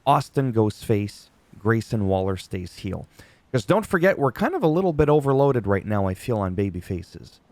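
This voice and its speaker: A man giving a casual, chatty wrestling recap, animated and quick to act out quoted lines. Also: fairly low pitch, no echo.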